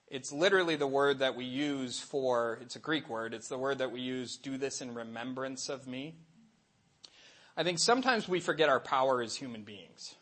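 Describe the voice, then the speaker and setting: A middle-aged man, a Catholic catechist, giving a lively faith talk to an audience and acting out little voices in his stories. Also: mid-range voice. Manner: animated storytelling, acts out voices and asides.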